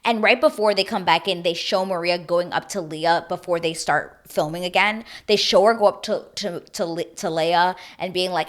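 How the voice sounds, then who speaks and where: A woman hosting a casual reality-TV recap, animated and opinionated, swearing freely. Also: on the low side, moderate pace, hardly any pauses. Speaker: TV recap host.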